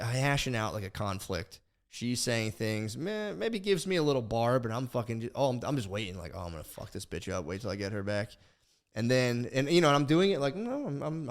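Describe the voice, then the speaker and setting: A young man co-hosting a podcast, telling a long rambling story in casual talk, profane and animated, with many restarts. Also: mid-range voice. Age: young adult. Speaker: podcast co-host.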